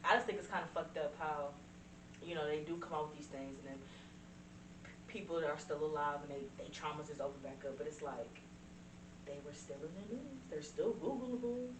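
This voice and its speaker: A woman's voice: sits low, brisk. A woman co-hosting a podcast, chatting casually, profane and laughing a lot as she tells stories. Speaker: podcast co-host. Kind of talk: casual chat. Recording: echoey room, distant mic, noisy.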